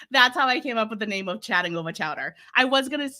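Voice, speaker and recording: A woman from Massachusetts with a Massachusetts accent, chatting as an interview guest, a lively storyteller who laughs often and acts out quotes. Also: medium pitch, quick pace, hardly any pauses. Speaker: podcast host and guest. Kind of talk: casual interview chat.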